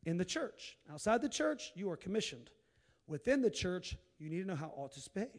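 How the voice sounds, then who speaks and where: A man preaching a sermon, swinging from quiet asides to sudden shouted bursts. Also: sits high, sing-song, brisk. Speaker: pastor.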